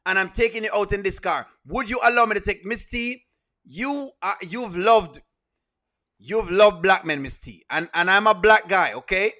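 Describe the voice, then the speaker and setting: A man with a Jamaican accent chats on a live reaction stream in a high-set voice. He teases and pleads with his viewers and breaks into laughter often. His tone is bright and ringing. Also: normal speed. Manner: playful, pleading, laughs often, argues with the chat. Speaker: streamer and show host.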